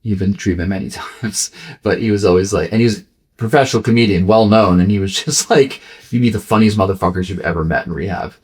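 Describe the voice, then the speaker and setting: A man's voice: lowish voice, fast talker, breathy edge. A man in his forties, a podcast guest, telling a personal story candidly, swearing freely and acting out what other people said. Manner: frank, swears freely, acts out quoted dialogue.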